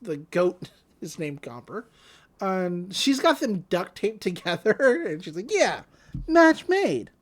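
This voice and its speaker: A woman co-hosting a podcast, casually recapping a cartoon episode in an animated way with many fillers. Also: fairly low pitch, measured pace. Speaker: podcast co-host.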